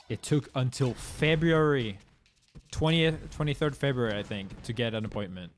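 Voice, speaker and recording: A man's voice: medium pitch, moderate pace, a little hiss or hum. Laid-back, slangy young man streamer. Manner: laid-back and slangy, swears freely, loose rambling delivery. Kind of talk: casual chat with viewers.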